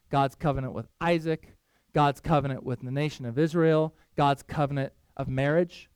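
Animated high-voiced man preaching. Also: clear, resonant tone, no room sound. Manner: animated storytelling with loose asides to the congregation. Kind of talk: sermon.

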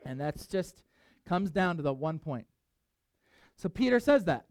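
A male pastor preaching to his congregation in a high, lively voice. He speaks emphatically, with big swings in pitch. The sound is dry and close. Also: a little slow, no echo. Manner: emphatic, animated, conversational preaching. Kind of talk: sermon.

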